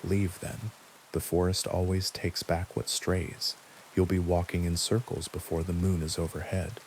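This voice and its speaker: A man voicing a friendly but sinister stranger in the woods, mild and smiling, with quiet menace in a spooky story. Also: low voice, level tone, measured pace, slight background noise, poor audio. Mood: menacing.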